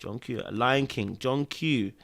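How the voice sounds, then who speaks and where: A man's voice: mid-range voice, vocal fry. A man, hosting a casual live-stream podcast chat with viewers. He talks emotionally and repeats phrases for emphasis. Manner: swings between loud exclamations and hushed, drawn-out murmurs. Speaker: podcast host.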